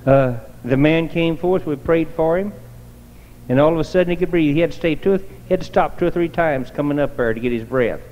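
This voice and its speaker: Folksy preacher, higher-pitched man. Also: a little fast. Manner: homespun storyteller, colloquial. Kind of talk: folksy sermon testimony. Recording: dull lo-fi recording in a reverberant church hall.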